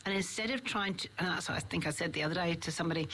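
A woman with a fairly low voice co-hosts a relaxed conversation. She muses out loud and laughs easily, and a faint hum sits under the recording. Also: very fast, hardly any pauses. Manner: reflective, laughs often. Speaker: podcast co-host. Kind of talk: casual chat.

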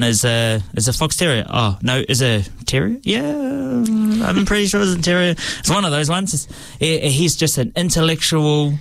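A man's voice: medium pitch, fairly bright tone, no echo. A young man, a stage actor answering interview questions in a hesitant way, with many fillers and restarts.

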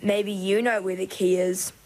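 A woman's voice: medium pitch, flat delivery, a little slow, a little mellow, natural voice, rough recording. A woman putting on a haughty scheming Grand Mermaid. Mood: cooing.

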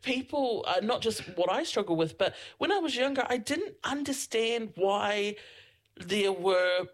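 A woman's voice: medium pitch, animated, a little slow. New woman podcast co-host. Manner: supportive, frequent agreeing interjections. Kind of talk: casual interview chat.

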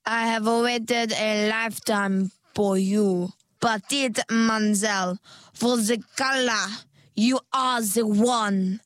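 A woman's voice: a little high, pushed and bright, smooth, no echo. A woman voicing a pushy, theatrical mermaid hair stylist in a storybook, drawing her words out. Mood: gushing. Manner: slow, drawn-out, grandly persuasive sales talk. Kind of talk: storybook character voice.

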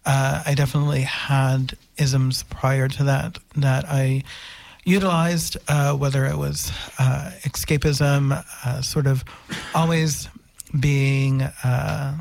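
Gravelly man from New Orleans. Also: medium pitch, flat delivery, slow, a little mellow, dry recording. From New Orleans, United States. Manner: reflective, many uh fillers. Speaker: meeting member sharing. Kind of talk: personal testimony on community radio.

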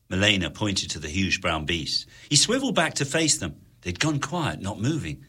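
A man narrating an adventure story in an expressive, dramatic way. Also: low voice, normal speed, slightly rough. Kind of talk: audiobook narration.

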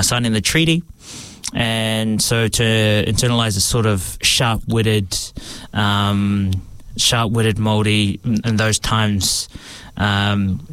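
A medium-pitched man, recorded with no echo, speaks with a New Zealand accent; he's from the country's East Coast. A stage actor, he chats in a relaxed way about his roles in casual interview talk, full of fillers and restarts.

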